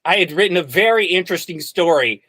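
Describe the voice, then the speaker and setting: A man's voice: high-pitched, animated, fast talker, pushed and bright, exaggerated voice. A man voicing a fussy, earnest office writer who speaks primly. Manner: prim, earnest, oddly fussy. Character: fussy eccentric male writer.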